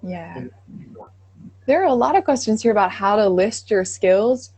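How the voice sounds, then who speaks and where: A woman co-hosting a live online Q&A as an accent coach, explaining things in a warm, encouraging way. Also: medium pitch, expressive, a little slow, husky, poor audio. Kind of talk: live online Q&A, giving advice.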